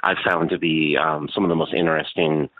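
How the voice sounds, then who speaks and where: A man being interviewed as a guest about his paranormal show, answering thoughtfully and pausing often with "um" and "uh". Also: extremely low pitch, fairly even intonation, slight background noise. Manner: thoughtful, halting with many "um" and "uh". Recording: tinny phone-like remote line.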